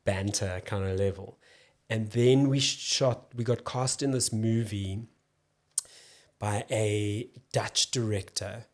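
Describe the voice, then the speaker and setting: A man's voice: on the low side, slow. A man, a guest in a podcast interview who tells long rambling stories and often breaks off mid-sentence. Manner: relaxed, rambling, self-interrupting. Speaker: podcast guest, actor and comedian. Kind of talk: casual storytelling chat.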